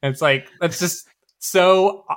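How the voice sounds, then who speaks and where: A man co-hosting a podcast, with a bright, forceful voice. His delivery is wry and sardonic, casual and opinionated. He pitches in with quick, confident takes. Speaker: podcast co-host. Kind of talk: casual chat.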